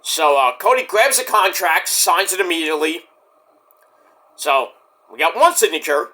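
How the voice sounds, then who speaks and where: High bright guy rambling thru a wrestling recap, swears a lot, voice jumps all over. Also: animated, moderate pace. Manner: profane, acts out quotes in big shouted voices. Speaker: wrestling show reviewer. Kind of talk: casual recap and commentary.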